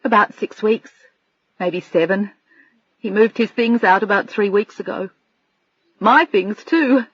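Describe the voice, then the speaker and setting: A woman's voice: mid-range voice, unhurried, breathy edge, no room sound, dull audio. A woman narrator voicing a tearful, overwhelmed young woman whose voice trembles and breaks. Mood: subdued.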